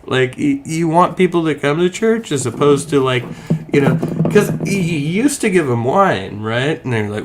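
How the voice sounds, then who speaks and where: A man's voice: fairly high pitch, animated, moderate pace, a little hiss or hum. A man giving crude, sarcastic reaction commentary and swearing often. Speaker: online commentator.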